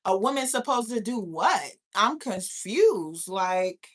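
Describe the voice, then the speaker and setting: A woman's voice: mid-range voice, animated, slow pace. A woman hosting a live stream, ranting in a profane, incredulous way and firing off rhetorical questions. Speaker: host of a live talk stream. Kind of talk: casual live-stream rant.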